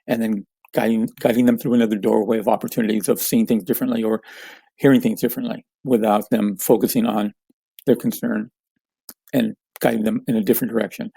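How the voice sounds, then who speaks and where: A man teaching a communication lesson, calmly explaining with example phrases. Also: mid-range voice, gravelly, breathy edge, no room sound. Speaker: communication coach.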